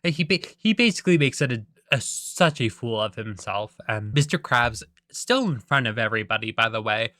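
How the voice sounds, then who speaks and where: A young man talks through a movie plot in a loose, rambling way, full of "like" and self-deprecating asides. His voice is bright and forward, and the recording is dry and close. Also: medium pitch, animated, normal speed, few pauses, dry recording. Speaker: vlogger. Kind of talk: casual rambling retelling.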